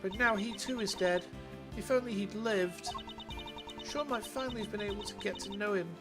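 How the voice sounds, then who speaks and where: A man voicing a soft-spoken older female judge. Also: sits high, normal speed, music in the background, pitched above the performer's own voice, lightly acted. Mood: gentle.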